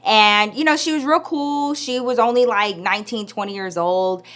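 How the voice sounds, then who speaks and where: A woman casually telling a personal story in a chatty, animated way, full of slang and asides. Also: a little high, moderate pace. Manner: chatty, animated, lots of "like" and "girl".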